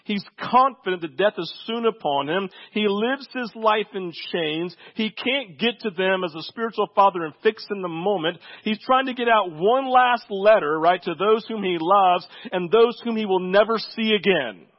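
A man's voice sitting high carries a pastor's sermon at normal speed with few pauses, conversational and full of "right?" asides to his listeners. The audio's highs are cut off.

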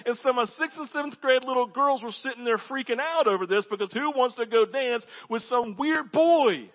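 A man preaching a sermon as pastor, telling stories with animated delivery that drops to a low, intense hush. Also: moderate pace, muffled recording. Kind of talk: sermon with storytelling.

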